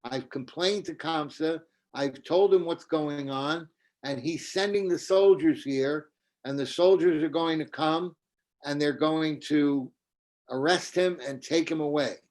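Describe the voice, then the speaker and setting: A man voicing a young husband who feigns being upset while calmly laying out a plan. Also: fairly high pitch, measured pace, close to an everyday voice. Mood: scheming. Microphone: video call.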